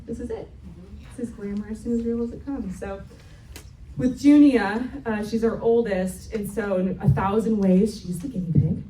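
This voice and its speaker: A woman's voice: medium pitch, normal speed, warm tone, far from the mic. A woman in her thirties giving a chatty, self-mocking talk at a church retreat, often laughing as she tells family stories. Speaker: retreat speaker. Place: church hall. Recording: echoey hall, mic from afar.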